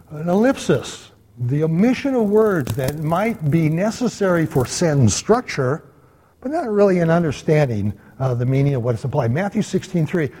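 A man teaching a church Bible study class in a conversational lecture style, pausing often on "uh" and checking in with his listeners. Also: medium pitch, mellow, slightly rough. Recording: long hall reverb.

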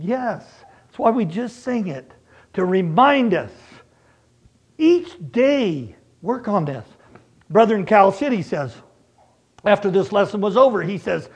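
A middle-aged man preaching a sermon, telling personal stories in an animated way and acting out both sides of conversations. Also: high-pitched, measured pace, slightly rough.

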